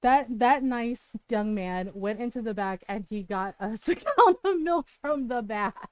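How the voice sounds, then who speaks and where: A talkative woman streamer with a slightly high, smooth and clear voice, recorded close and dry. She rambles through her story with lots of "like" and "right?", and drops swear words freely when exasperated. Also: animated, unhurried, a little mellow, no echo. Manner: chatty, peppered with "like" and "right?". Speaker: livestreamer. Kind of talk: casual storytelling chat.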